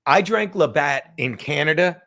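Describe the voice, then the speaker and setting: A man in his fifties chats loosely on a livestream from home, his voice sitting high for a man. He rambles, swears freely and laughs between his thoughts. Now and then he drops into a whisper. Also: expressive, normal speed, vocal fry, pushed and bright. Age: 50s. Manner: rambling, profane, laughing, drinking while talking. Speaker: livestream host. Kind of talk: casual livestream chat.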